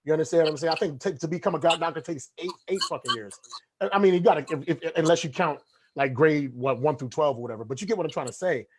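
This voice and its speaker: A man hosting a casual podcast, talking in a profane, animated way. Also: fairly high pitch, slight background noise. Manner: fast, profane, animated storytelling. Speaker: podcast host.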